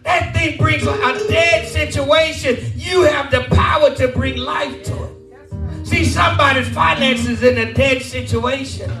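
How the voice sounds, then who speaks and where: A pastor preaching fervently, shouting and repeating phrases, calling out to his congregation for responses. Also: extremely high pitch, unhurried, gravelly. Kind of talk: shouted call-and-response sermon. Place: large church hall. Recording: echoey church hall, voice from a distance, music behind.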